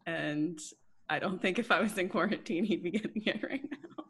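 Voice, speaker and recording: A woman co-hosting a podcast, talking frankly in relaxed casual chat. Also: fairly low pitch, moderate pace, vocal fry, breathy edge. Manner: relaxed, frank, filler-heavy. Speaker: podcast co-host.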